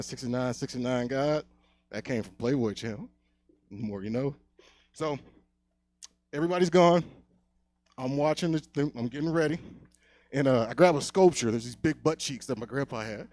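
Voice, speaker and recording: A young man doing a stand-up set on a comedy club stage, telling a long story, often dropping to a hush, then getting loud again. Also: mid-range voice, no room sound. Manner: loose storytelling, swings loud and quiet.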